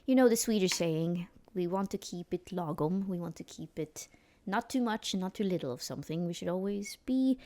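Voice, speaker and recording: A woman voicing a sincere male scientist who speaks in a measured, careful way. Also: on the low side, animated, mellow. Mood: earnest. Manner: measured, vague.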